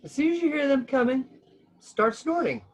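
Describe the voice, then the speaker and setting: Helpful pig, matter-of-fact, man reading, storybook, lively pitch. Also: normal speed. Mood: advising.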